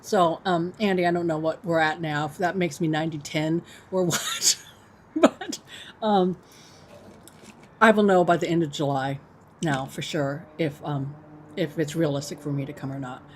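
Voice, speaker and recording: Eating as she talks, a woman in her fifties rambles through a casual livestream chat with viewers, full of fillers, her mic placed off to the side on her computer. Her low voice has fairly even intonation at a normal speed, with a little hiss or hum.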